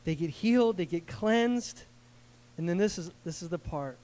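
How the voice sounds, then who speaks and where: A man preaching a casual, conversational sermon, animated and slangy, acting out the people in the story. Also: sits high, moderate pace. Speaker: pastor.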